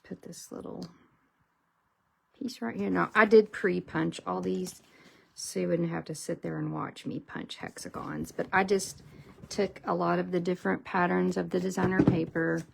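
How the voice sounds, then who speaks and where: A middle-aged woman hosting a casual card-making tutorial, chatty and unhurried, thinking aloud as she works at her craft table. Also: on the low side, vocal fry, slight background noise.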